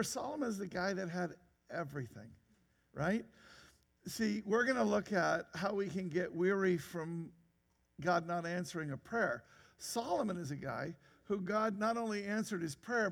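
A man's voice: sits high, lively intonation, normal speed, gravelly, big-room sound. A man preaching a sermon in a church, conversational, with rhetorical questions and frequent restarts. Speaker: pastor.

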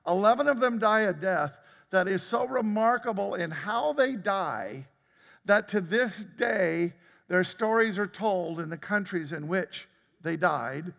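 A man preaching a sermon as pastor, talking conversationally, laughing often and breaking into sudden loud outbursts. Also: high voice, unhurried, gravelly, big-room sound. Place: church sanctuary.

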